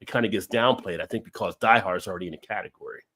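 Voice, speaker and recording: A man's voice: fairly low pitch, racing. A man hosting a live stream, chatting casually over drinks, rambling and laughing as he tells stories. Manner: rambling, laughs often, animated storytelling.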